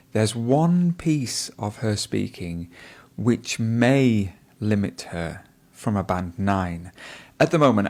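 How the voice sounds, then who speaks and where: Male IELTS tutor, lower voice, measured and evaluative, commentary on a candidate. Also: darkish tone. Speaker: IELTS speaking teacher. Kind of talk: explaining test feedback.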